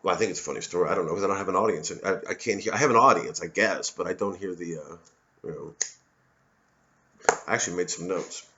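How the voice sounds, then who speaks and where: A man's voice: low-pitched, racing, pushed and bright, lo-fi sound. An American man from Missouri, a comedian delivering a rambling, profane, digressive monologue full of restarts. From Missouri, USA. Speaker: comedian hosting his own show.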